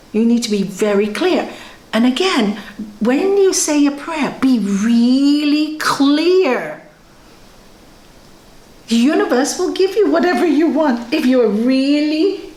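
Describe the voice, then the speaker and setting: Woman spiritual teacher, expressive class talk, somewhat high voice, echoey yoga room. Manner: lively and expressive, with soft laughs and quiet whispered asides.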